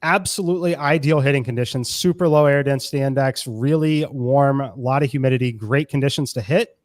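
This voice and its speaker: A man giving betting analysis in a quick, matter-of-fact way. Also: medium pitch, dry recording, clean studio sound.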